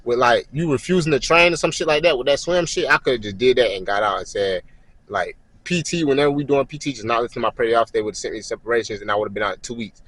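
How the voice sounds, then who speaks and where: A young man with a medium-pitched, slightly rough voice tells a casual story at a quick pace, and the audio quality is poor. He's animated, profane and slangy, acting out characters' voices and yelling mid-story.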